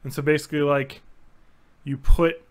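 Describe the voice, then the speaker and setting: Man, casual chat, excitable, rambling, swears a lot, higher-than-usual pitch. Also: normal speed. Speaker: podcast co-host.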